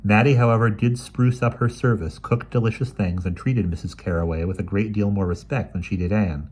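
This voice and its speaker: A man reading a short story aloud in a measured, expressive way. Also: fairly low pitch, slight background noise. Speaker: reader.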